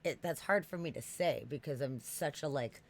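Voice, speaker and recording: A woman with an East Coast accent co-hosting a podcast livestream, chatty and excitable, swearing casually. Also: sits low, normal speed. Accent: American East Coast. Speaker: podcast co-host.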